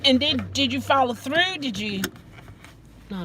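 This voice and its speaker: A woman chatting casually with live viewers from her car, animated and quick to exclaim and laugh. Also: fairly high pitch, background noise. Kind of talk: casual live-stream chat.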